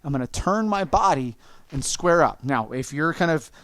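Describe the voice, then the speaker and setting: A man's voice: on the high side, animated, moderate pace, no echo. A man teaching an online kids' martial arts class, calling out moves, counting and encouraging the students. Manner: coaching, encouraging, calls out moves and kiai shouts.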